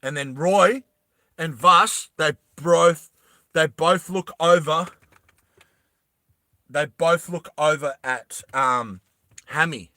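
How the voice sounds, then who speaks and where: A man retelling a film in a loose, rambling way, often laughing at himself. His voice sits a bit high and bright, and he talks slowly. The recording is dry and close, with no room sound. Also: no room sound. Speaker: storyteller. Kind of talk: casual movie retelling.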